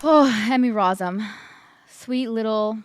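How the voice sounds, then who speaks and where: A woman's voice: fairly high pitch, slow pace, a little hiss or hum. A woman guest co-host on a film podcast, talking emphatically and gushing, repeating her points for effect. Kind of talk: casual podcast chat.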